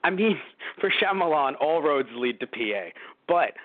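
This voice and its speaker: A man chatting through a film review, animated and prone to loud shouty impressions. His voice sits a little high. The sound is dry and tinny, like a phone line. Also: measured pace, dry recording. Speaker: podcast co-host. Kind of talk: casual film review chat.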